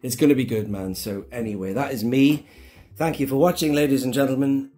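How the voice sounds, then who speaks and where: An excitable, enthusiastic British man chatting casually in a home vlog, filmed indoors on a handheld camera with a gimbal. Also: mid-range voice, fairly quick, faint music behind. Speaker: toy collector vlogger. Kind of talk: casual show-and-tell vlog.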